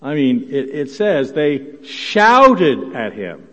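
A man preaching a sermon as pastor, telling a Bible story and voicing its quotes with rising force, often repeating words and clearing his throat. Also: on the high side, sing-song, slow pace. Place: church sanctuary. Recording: dull sound, long church reverb.

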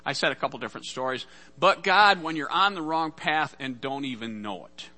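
A man's voice: mid-range voice, brisk, pushed and bright. A man preaching a sermon as pastor, casual and conversational, acting out the voices in Bible stories.

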